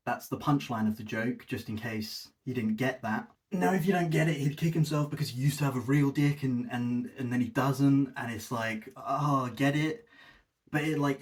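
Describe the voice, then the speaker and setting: A man's voice: mid-range voice, darkish tone. A man hosting a video essay, giving a sarcastic, exasperated critique with mocking asides. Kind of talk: scripted-ish critical commentary.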